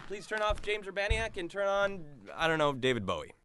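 An actor playing an irritable young man in a scripted audio comedy, who stammers and gets squeaky when he's upset. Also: very animated, brisk, fairly bright tone, clean tone. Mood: exasperated. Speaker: user of the assistant.

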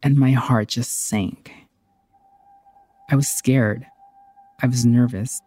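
A woman's voice: rumbling low, steady tone, slow, warm tone, husky, no echo, faint music behind. A woman telling a personal story in a candid, heartfelt, conversational way.

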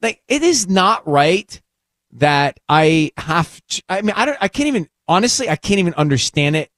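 Lively, playful woman podcast host. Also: lowish voice, moderate pace, dry recording, studio quality. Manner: animated, playful, mock-outraged ranting. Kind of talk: casual chat.

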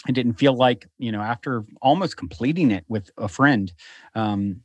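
Male guest, mid-pitched, animated and rambling, with a dry recording. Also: normal speed, dry recording, highs cut off. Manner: animated, rambling, many restarts. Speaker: podcast guest who hosts his own show. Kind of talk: casual storytelling. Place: lives in a beach town.

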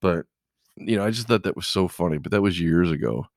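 A man's voice: deep voice, fairly quick, no room sound, studio quality. A middle-aged man, a truck driver, chatting casually and telling rambling stories full of "you know". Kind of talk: casual chat.

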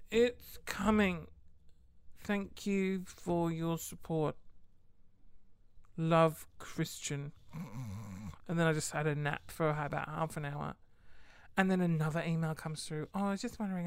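A woman's voice: fairly low pitch, normal speed, no echo, studio quality. A young woman who runs a small online shop, chatting casually to camera in a chatty, exasperated way and often laughing mid-sentence.

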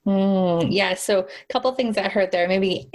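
A woman's voice: medium pitch, measured pace, a little mellow. A woman hosting a podcast interview, chatty and affirming with her guest. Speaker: podcast host. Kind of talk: casual interview talk.

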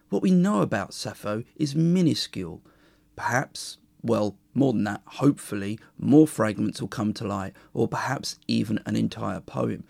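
A man hosting a history podcast, explaining in a measured, enthusiastic way and reading a poem aloud. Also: fairly low pitch, gravelly, darkish tone, no echo. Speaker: podcast host. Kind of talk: educational podcast monologue and poetry reading.

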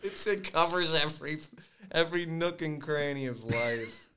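A man co-hosting a casual podcast chat, teasing and animated, often saying "dude". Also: fairly high pitch, normal speed, slight background noise. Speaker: podcast co-host.

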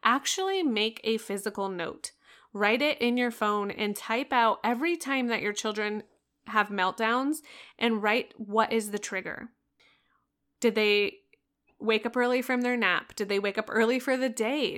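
A woman's voice: a little high, a bit bright. Earnest woman coaching parents. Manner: earnest, coaching, direct address. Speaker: parenting podcast host. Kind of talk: solo podcast advice talk.

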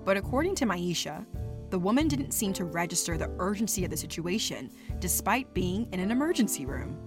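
A woman's voice: on the low side, sing-song, brisk. Woman narrating over music. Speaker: podcast narrator. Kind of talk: scripted narration.

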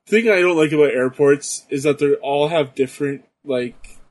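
A man's voice: fairly high pitch, moderate pace. A man in casual chat, explaining things in a dry, matter-of-fact way with frequent "like" fillers.

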